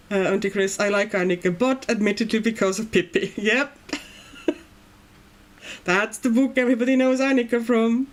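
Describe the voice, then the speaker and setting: A woman streaming while she colors, chatting casually and reading her viewers' comments aloud. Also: medium pitch. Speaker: coloring livestreamer. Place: at home in Brazil.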